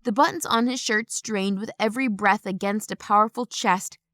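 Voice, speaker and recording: A woman giving brisk, expressive first-person audiobook narration on a close studio mic. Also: medium pitch, no echo.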